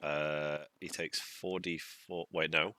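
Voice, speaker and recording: A man's voice: very deep voice, flat delivery, slow pace, pushed and bright, a little hiss or hum. A man playing a tabletop game, chatting and checking the rules aloud as he works through his turn. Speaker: player. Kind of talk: casual chat during a tabletop game.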